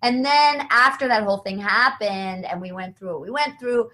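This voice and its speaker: Woman guest comic on a podcast, lively storytelling, voices other people, laughs a lot. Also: medium pitch, moderate pace. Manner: animated storytelling with quoted voices; laughs often. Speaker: guest comedian. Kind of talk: casual podcast chat.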